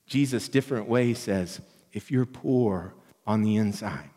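A man preaching a sermon as pastor, earnest and emphatic, rising on quoted lines and dropping soft and low. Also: a little slow, long reverb tail. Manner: earnest, builds to emphatic quoted lines, drops to near whisper.

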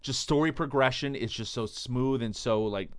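A man's voice: medium pitch, moderate pace, no echo. A man co-hosting an entertainment podcast, chatting casually and enthusiastically, with lots of "like" fillers. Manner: enthusiastic, says "like" often. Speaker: podcast co-host. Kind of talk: casual chat.

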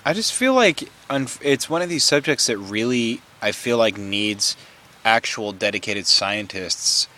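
A man's voice: fairly low pitch, lively intonation, measured pace, bright, forceful tone. Male co-host, easygoing and jokey, casual podcast banter. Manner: laid-back, joking, trails off into laughs. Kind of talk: casual chat.

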